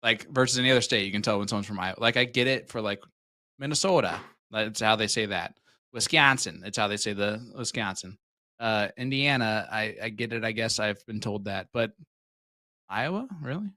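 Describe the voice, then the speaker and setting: Male darts commentator, lower pitch, bright dry sound, chatty and joking. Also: fairly even intonation, no room sound. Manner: joking, chatty, quick asides. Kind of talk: live sports commentary.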